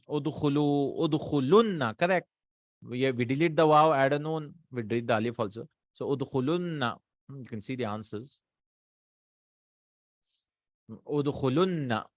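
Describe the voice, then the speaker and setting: A man's voice: fairly high pitch, no echo, studio quality. A man teaching Arabic grammar, working through exercises and repeating each word form aloud. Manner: patient, drills words aloud, asks and answers himself.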